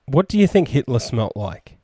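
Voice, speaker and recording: A man's voice: medium pitch, sing-song, moderate pace, warm tone, husky, no echo, clean studio sound. A man co-hosting a podcast, trading crude, mocking jokes. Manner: mocking, insulting. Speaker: podcast co-host. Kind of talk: crude comedic banter.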